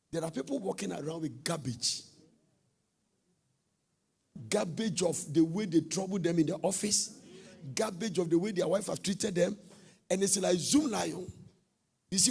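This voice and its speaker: A middle-aged man preaching a sermon, swinging from soft, low talk to shouted, sing-song bursts. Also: gravelly, husky.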